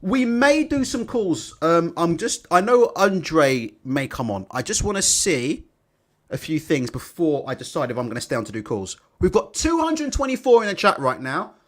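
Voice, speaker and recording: A man's voice: a little high, very animated, moderate pace. Sweary, laughing man on a live stream. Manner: blunt, sweary and laughing, reading chat aloud. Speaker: livestream host. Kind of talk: casual live-stream commentary.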